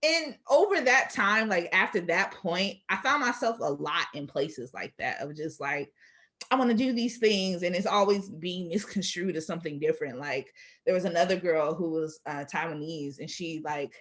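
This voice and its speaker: Animated young woman telling a story. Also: lowish voice, normal speed. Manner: animated, laughs often, acts out quoted voices. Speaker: interview guest. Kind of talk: casual storytelling.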